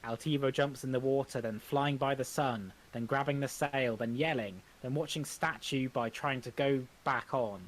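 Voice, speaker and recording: A man reading stage directions aloud in an amateur script reading, halting often and restarting words. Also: medium pitch.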